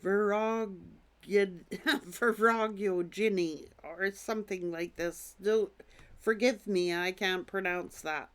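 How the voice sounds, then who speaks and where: Woman doing a tarot reading, voice a bit worn out, takes her time, soft and unhurried. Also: medium pitch, clean tone. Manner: slow, gentle, pauses to read card texts. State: losing her voice. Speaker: tarot reader. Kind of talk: slow tarot reading, reading out oracle cards.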